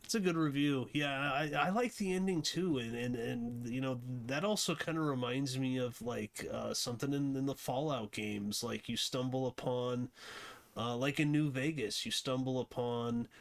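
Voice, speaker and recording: A man's voice: medium pitch, normal speed, creaky. A man hosting a casual movie review, rambling with many fillers and restarts. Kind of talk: casual unscripted commentary.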